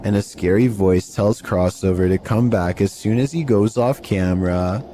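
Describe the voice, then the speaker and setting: Mellow-voiced male compilation narrator. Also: on the low side, moderate pace, a little hiss or hum. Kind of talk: scripted narration.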